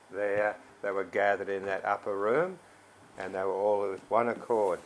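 A man preaching a sermon, pausing and repeating words, reading scripture louder than he speaks. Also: steady tone, rough recording. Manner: slow and halting, repeats words, reads scripture louder and higher.

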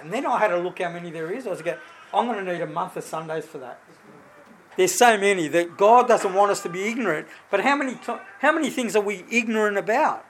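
A middle-aged man with a high, light voice preaches informally to a congregation. He reads scripture and tells stories from his own life in a loose, conversational manner, often restarting his sentences. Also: a little hiss or hum, low-quality recording. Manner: conversational, animated storytelling with many restarts. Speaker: lay preacher. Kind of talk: informal sermon with personal stories.

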